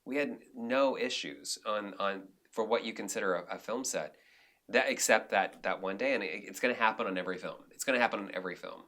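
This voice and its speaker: A man's voice: on the low side, a little fast, fairly bright tone. A man, a film director as a podcast guest, talking candidly in a casual interview with frequent restarts and fillers.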